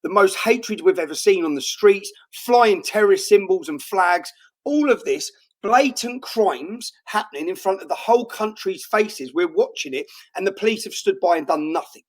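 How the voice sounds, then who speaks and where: Man, British accent, high pitch, middle-aged, indignant, emphatic, interview guest. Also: expressive, moderate pace. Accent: British English. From England. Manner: indignant, emphatic, repeats phrases. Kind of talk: heated interview talk.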